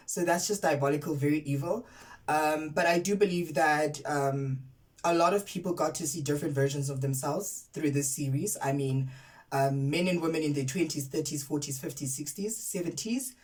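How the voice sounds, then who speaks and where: A low-pitched South African woman, recorded poorly on a distant mic, reviews a TV series as a content creator. Her take is casual, emphatic, outraged and candid, and she often repeats words for effect.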